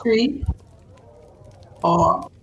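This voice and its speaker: A man voicing a very old, fussy shopkeeper woman who counts slowly in a shrill voice. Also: creaky, fairly bright tone, dull audio, a little hiss or hum, heavily acted.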